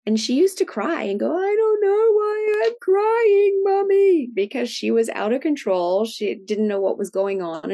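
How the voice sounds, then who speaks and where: A woman's voice: fairly low pitch, dark tone. A middle-aged woman, a guest expert, chatting and explaining in an interview and often ending points with "right?". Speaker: guest expert on food sensitivities. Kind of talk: conversational interview.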